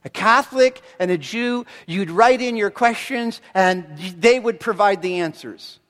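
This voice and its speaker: A middle-aged man preaching a sermon as a pastor, telling stories with animated delivery and acting out the voices of the people he quotes. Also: high voice, measured pace. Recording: long reverb of a large hall.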